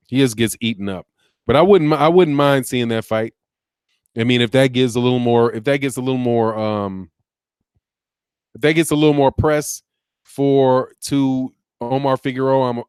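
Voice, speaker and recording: A man's voice: medium pitch, smooth, no echo, clean studio sound. A man hosting a casual boxing talk stream, rambling conversationally, restarting sentences and reading out viewer comments. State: sleepy, yawning. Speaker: boxing channel host.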